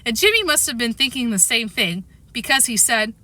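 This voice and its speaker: A woman reading a children's chapter book aloud, expressive and animated. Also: on the high side, normal speed. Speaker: reader. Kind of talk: storybook reading.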